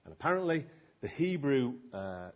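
A man's voice: mid-range voice, sing-song, moderate pace. A man preaching a sermon in an earnest, emphatic way, asking his listeners rhetorical questions. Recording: dull lo-fi recording.

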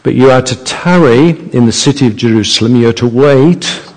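A man preaching a sermon as a visiting speaker in a church, slow and emphatic, building to fervent climaxes. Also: medium pitch. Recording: reverberant church hall.

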